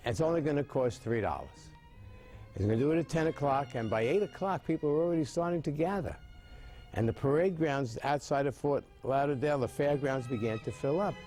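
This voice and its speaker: A man in his seventies explaining mime and telling jokes with lively storytelling, his voice rising high as the stories build. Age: 70s. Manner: animated storytelling with big pitch jumps.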